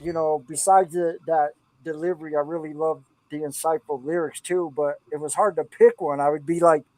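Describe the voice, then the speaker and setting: A man's voice: fairly high pitch, steady tone, moderate pace, darkish tone, no room sound, poor audio. Enthusiastic middle-aged man, dry and close. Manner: enthusiastic, rambling, preachy asides. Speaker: podcast host and producer. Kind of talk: casual podcast chat about song lyrics.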